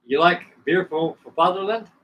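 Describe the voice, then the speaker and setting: A man's voice: high voice, normal speed, fairly bright tone, pitched above the performer's own voice. A man putting on a hearty old pilot. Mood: hospitable. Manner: broken English, hearty and welcoming. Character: cheerful older German man, former dive-bomber pilot. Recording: distant mic with faint background noise.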